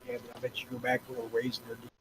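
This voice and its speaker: A man's voice: mid-range voice, completely flat delivery, racing, background noise. A middle-aged man from Missouri with a Southern accent, rambling crudely and profanely as a podcast co-host. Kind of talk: casual chat.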